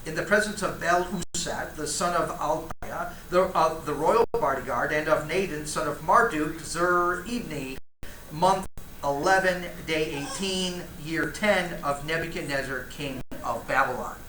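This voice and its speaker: A man's voice: fairly high pitch, a little slow, sharp tone, slight background noise. A man teaching a church Bible class in a conversational way, reading passages aloud and breaking off with asides to his students. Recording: roomy, echoey room with faint ambience.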